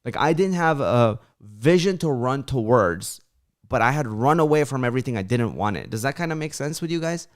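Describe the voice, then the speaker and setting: A young man hosting a laid-back livestream in a smooth, clear voice at a middle pitch. He talks loosely and chattily, leaning on "like" fillers and slipping into his friends' voices as he tells stories. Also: animated, fairly quick. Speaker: channel host on a livestream. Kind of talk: casual livestream talk.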